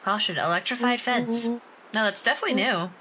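A woman streaming a game, reading its dialogue aloud in a lively, playful way, over loud game music. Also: fairly high pitch, fairly quick, background noise.

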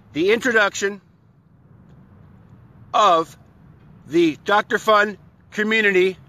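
A man runs his own live stream with an energetic, hyped manner, warmly greeting viewers one after another. His voice sits fairly high and sounds bright and forceful. He talks casually, as if to friends, into a phone or webcam mic.

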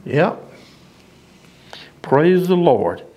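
Preacher guy, kinda high voice, folksy and punchy, chuckles a lot. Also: sing-song, very slow, warm tone. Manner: folksy, emphatic, laughs at his own lines. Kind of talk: informal sermon.

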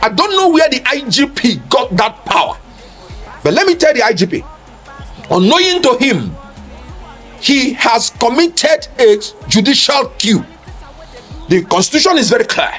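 A man lays out a legal argument with emphasis and rhetorical questions. His voice sits high and swings widely in pitch. Faint music plays under him. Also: very animated, unhurried, long pauses, fairly bright tone. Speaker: legal commentator. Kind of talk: public speech on law.

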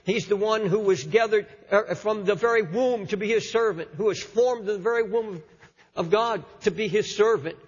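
A man's voice: sits high, moderate pace, husky. An older man preaching an impassioned sermon, often repeating words as he presses his point. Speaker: pastor. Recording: lo-fi sermon recording in a hall.

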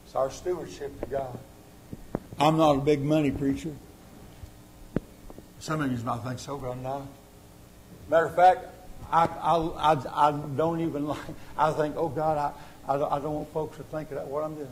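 A man preaching a sermon as pastor, surging to loud exhortation and sinking to quiet appeals. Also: fairly even intonation, moderate pace, pauses often, a little hiss or hum, poor audio. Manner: impassioned, rising to loud exhortation then dropping low. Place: church sanctuary.

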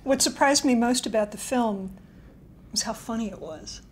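A woman hosting an interview, asking questions in a relaxed, chatty and enthusiastic way. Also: on the high side, moderate pace, a crowd in the background. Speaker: interviewer, host. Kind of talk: casual interview. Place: Los Angeles.

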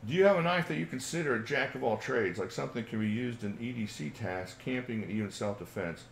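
This forty-something host talks fast in a mid-range, gravelly voice, with slight background noise behind him. He's running a casual livestream Q&A for his channel, chatty, reading viewer questions out and often chuckling.

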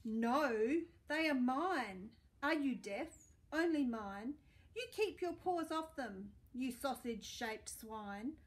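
A woman voicing a greedy, selfish male pug dog who grumbles loudly and possessively in a storybook. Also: high voice, expressive, slow. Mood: greedy, bossy.

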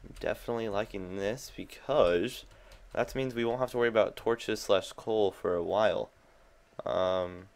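Young man, gaming commentary, deep gravelly voice, chatty, jumpy, keyboard clicks. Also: expressive, measured pace. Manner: chatty, self-amused, jumpy reactions. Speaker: gaming channel host. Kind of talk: casual game commentary.

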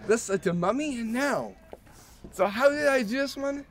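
A man's voice: very high-pitched, animated, moderate pace, a little hiss or hum. A man hosting a casual magic trick tutorial, eager and showing each step as he goes. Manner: eager, repeats "like this" while demonstrating.

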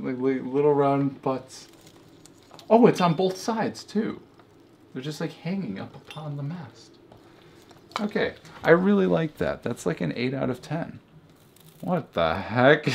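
A young man drawls through a mock-serious review, his slow delivery lifting and dropping in lively swings of pitch. He wanders into side thoughts and reins himself back in. A faint hiss of room noise sits under the voice. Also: creaky. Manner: mock-serious, rambling asides. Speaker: comedy vlogger. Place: home beside a Christmas tree. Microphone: camera held by a friend.

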